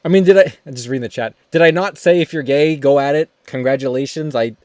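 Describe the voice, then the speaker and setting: A young man hosting a casual livestream while drawing, talking in halting, rambling bursts with quick laughs. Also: on the high side, a little mellow, dry recording, clean studio sound. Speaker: streamer host.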